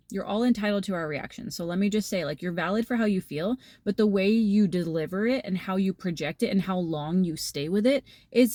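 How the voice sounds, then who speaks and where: A tarot reader talks her viewers through a channeled tarot message in a warm, mid-range voice with no echo. She rambles casually, using lots of fillers and everyday analogies.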